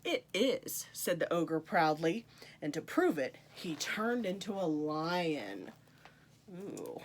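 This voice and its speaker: A woman's voice: sits low, animated, slow pace, slight background noise. A woman reading a picture book aloud to children, with playful asides to her young listeners. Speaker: storytime reader.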